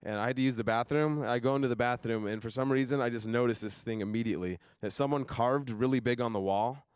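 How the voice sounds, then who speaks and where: A young man doing a stand-up comedy set on a live stage, deadpan, dropping his voice low for asides. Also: quick pace, clean tone, no echo, studio quality.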